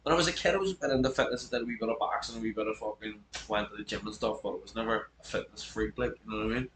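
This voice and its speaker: A man in his thirties, chatting casually as a podcast guest, swearing a lot and rambling with animated energy. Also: on the low side, rapid-fire. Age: 30s. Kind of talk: casual chat. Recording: echoey room with faint background noise.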